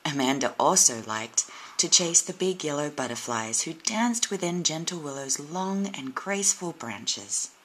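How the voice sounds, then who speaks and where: A woman narrating a children's storybook in a gentle, unhurried way. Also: low voice, lively intonation, a little hiss or hum, rough recording. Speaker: storybook reader.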